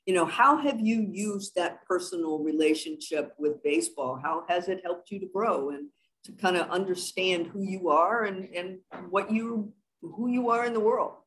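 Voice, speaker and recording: A woman moderating a conference panel over a video call, asking questions and giving quick affirmations. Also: fairly low pitch, poor audio.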